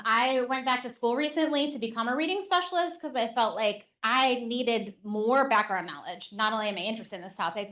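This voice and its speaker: A woman teacher and reading specialist giving a live workshop to parents and educators in a session room. She speaks in an animated, conversational way with frequent "um" fillers. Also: high voice.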